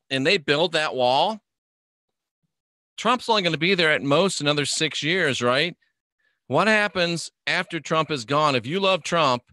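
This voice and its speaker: A man's voice: fairly high pitch, pushed and bright, no echo, studio quality. A middle-aged man hosting a casual live stream, reading viewer questions and rambling in an offhand, joking way. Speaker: livestream host reading viewer comments.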